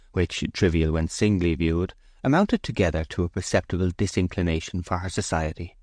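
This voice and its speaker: A man narrating a classic novel as an audiobook in measured, even scripted narration. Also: low voice, no echo, clean studio sound.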